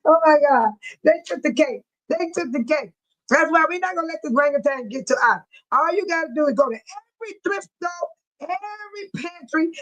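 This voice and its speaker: A woman's voice: high voice, rough recording. A woman hosting a casual livestream, laughing hard and breathless as she talks to her chat. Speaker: livestream host.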